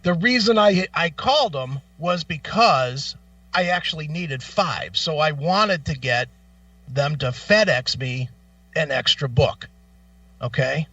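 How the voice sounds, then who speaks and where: A man's voice: on the high side, takes it slowly, sharp tone, no room sound, recorded from a distance, highs cut off. A man hosting a radio show, telling a profane, exasperated story in a casual rant. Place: radio studio.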